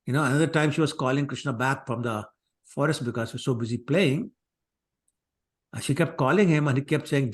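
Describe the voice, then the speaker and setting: A man gives a scripture class in a chatty, digressive manner. His pitch is middling for a man. He slips into the voices of the people in his stories. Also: lively intonation, normal speed, long pauses. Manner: conversational, digressive, acts out quotes. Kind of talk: scripture class lecture with storytelling.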